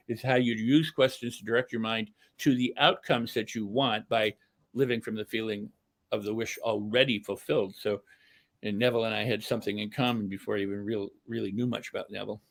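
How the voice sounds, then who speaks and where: A man's voice: fairly low pitch, brisk. Earnest older man telling his story. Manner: earnest, animated, repeats phrases for emphasis. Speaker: podcast guest, self-help speaker. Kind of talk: candid storytelling.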